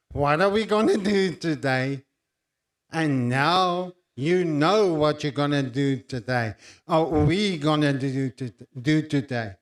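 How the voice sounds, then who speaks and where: A man with a South African accent preaching a sermon and telling his own testimony, speaking slowly and intensely with emphatic pauses. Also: fairly high pitch.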